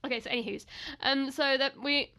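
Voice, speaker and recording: A woman's voice: high voice, fairly even intonation, brisk, sharp tone. A young woman co-hosting a casual chat, teasing and chatty. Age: young adult. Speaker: podcast co-host.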